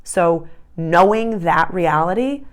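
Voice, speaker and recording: A woman's voice: on the low side, expressive, takes it slowly. A woman talking casually and enthusiastically as an astrologer and tarot reader, emphatic and prone to rambling asides. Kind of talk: casual spiritual vlog talk.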